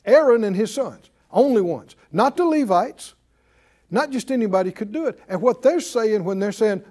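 A man's voice: sits high, lively intonation, normal speed, warm tone. A man teaching a Bible study, emphatic and full of rhetorical questions to his listeners.

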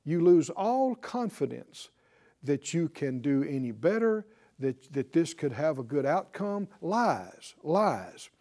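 A man preaching a sermon with passion, swinging from loud exclamations to hushed prayer and leading the listeners in a spoken prayer. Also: a little high, sing-song, measured pace. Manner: leads congregation in spoken prayer.

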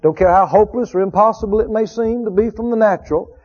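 Male preacher, high voice, emphatic and repetitive delivery, muffled lo-fi sound. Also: a little mellow, breathy edge. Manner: emphatic, repeats key phrases, drawn-out quotes of scripture. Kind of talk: sermon. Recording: dull lo-fi recording.

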